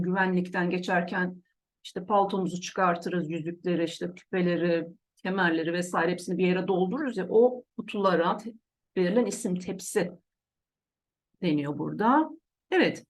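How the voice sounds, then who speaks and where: A woman teaching English vocabulary, repeating each word pair slowly and checking in with "okay" and "right". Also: mid-range voice. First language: Turkish. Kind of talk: slow classroom lesson explanation.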